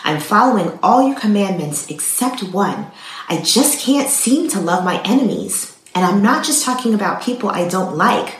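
Earnest churchgoing man, pleading and emphatic, read by a woman, lively pitch. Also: normal speed, natural voice. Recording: roomy echo.

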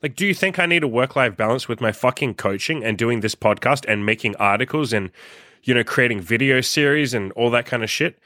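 A man's voice: mid-range voice, fairly quick, bright, forceful tone, no room sound, clean studio sound. A young man hosting his own podcast, ranting bluntly and profanely as he scolds listeners. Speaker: podcast host and coach. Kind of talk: ranting solo podcast monologue.

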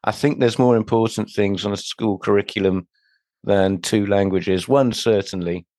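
A man from the UK answering interview questions, halting, with many pauses and restarts. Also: lowish voice, fairly even intonation, a little mellow, no echo, studio quality.

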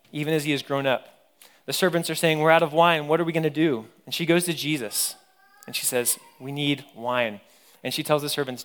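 A man's voice: a little high, a bit bright. Earnest man preaching a sermon. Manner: earnest, emphatic preaching with repeated phrases. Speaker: pastor.

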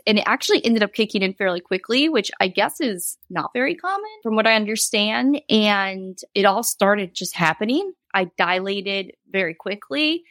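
A woman's voice: mid-range voice, fairly bright tone, no echo. A woman in her thirties, a guest telling a personal story in a candid, rambling way, with laughs and quoted asides. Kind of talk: casual interview storytelling.

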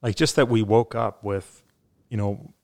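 A man's voice: on the low side, steady tone, unhurried, a little mellow. A man talking earnestly on a faith podcast, with many fillers and restarts, then leading a prayer.

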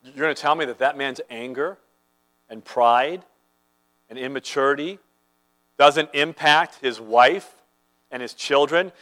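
A man's voice: medium pitch, unhurried, pauses often, fairly bright tone, rough recording. A man preaching a sermon as a pastor, earnest and conversational, telling everyday stories to make his point.

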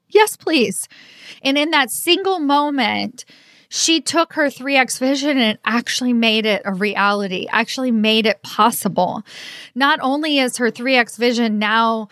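Upbeat woman coach hosting her podcast solo, bright voice, a little high, dry close sound. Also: no echo. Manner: upbeat, storytelling, laughs often. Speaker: podcast host and career coach.

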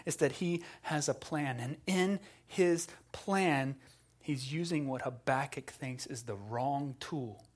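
A male pastor preaching a sermon to a congregation, telling stories in a casual, animated way with asides. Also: on the high side. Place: church in front of a congregation.

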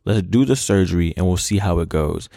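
A man's voice: low voice, lively intonation, brisk, creaky, warm tone, no echo, clean studio sound. A man co-hosting a faith podcast, telling a story in casual chat and ending with emphatic conviction. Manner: affirms with short interjections, then tells a story with emphatic conviction. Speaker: podcast co-host.

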